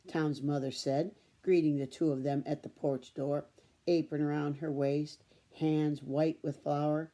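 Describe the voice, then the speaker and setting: A woman reading a children's chapter book aloud in a steady storytelling manner. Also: sits low, measured pace. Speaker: storybook reader.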